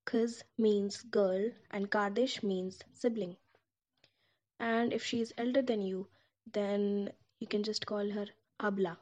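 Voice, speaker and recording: A woman's voice: medium pitch, fairly even intonation, measured pace, darkish tone. A woman teaching a language lesson, saying each word several times and breaking it into syllables. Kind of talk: slow, drilled language lesson. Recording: dull lo-fi recording.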